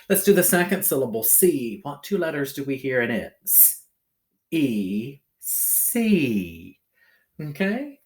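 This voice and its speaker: A man teaching a phonics lesson to young pupils, slowly sounding out syllables and checking in with a bouncy "okay?". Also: medium pitch. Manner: slow, exaggerated sounding-out of syllables; ends phrases with a bouncy "okay?".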